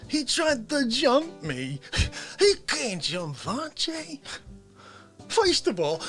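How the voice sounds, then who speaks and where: A man putting on a shouty, boastful politician parody. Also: very high-pitched, exaggerated voice. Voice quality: over-the-top, switches to sudden shouts and hushed asides. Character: brash blustering male politician parody, boastful. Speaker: show host. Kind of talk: unscripted comedy character monologue.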